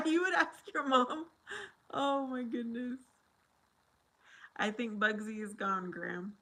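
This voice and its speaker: A woman's voice: fairly high pitch, slow, pushed and bright, low-quality recording. An American woman hosting a casual livestream, rambling and chatty as she talks with viewers and laughs often. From United States.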